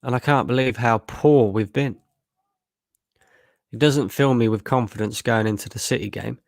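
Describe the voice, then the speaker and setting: A fan channel streamer runs a live match watchalong, worn out after a long work shift, bluntly frustrated and swearing freely. His voice is medium-pitched and creaky at normal speed, in studio-quality audio with no room sound.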